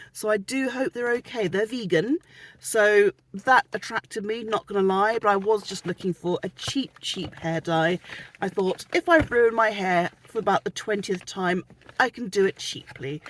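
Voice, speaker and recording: A chatty British woman runs through her shopping haul in a casual, self-mocking way, full of giggly asides. She talks from inside a parked car, with a faint hiss of noise under the voice. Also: mid-range voice. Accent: British English. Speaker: vlogger.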